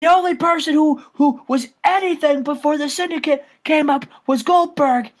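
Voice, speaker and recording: Man putting on an arrogant wrestler, much higher voice, bitter, ranting, boastful. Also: normal speed. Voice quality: high, strained ranting.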